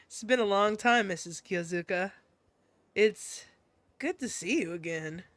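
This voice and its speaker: A flustered young male soldier, as a woman streamer lowers her voice for him. He stumbles and backpedals, caught off guard. The recording is dry and close. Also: a little slow, fairly bright tone, dry recording, lightly acted.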